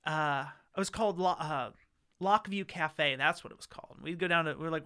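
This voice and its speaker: A man with a fairly high, bright voice tells stories in a relaxed interview. His voice is smooth and crisp. He talks chattily, stops and restarts, and slips into short acted-out quotes. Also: fairly quick. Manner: chatty, acts out quotes, many fillers and restarts. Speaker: interview guest recounting law school. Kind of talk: casual storytelling.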